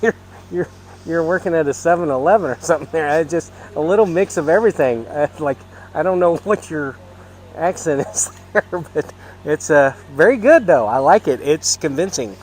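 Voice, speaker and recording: A man's voice: a little high, lively intonation, normal speed, a little mellow, a little hiss or hum. A man casually commentating a live stream outdoors at a golf course at night, chatty and rambling with lots of fillers. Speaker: livestream commentator.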